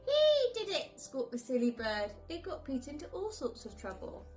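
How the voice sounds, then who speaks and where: A woman from a nursery reading a bedtime story aloud in a lively, expressive way. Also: on the high side, normal speed, soft background music. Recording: echoey room.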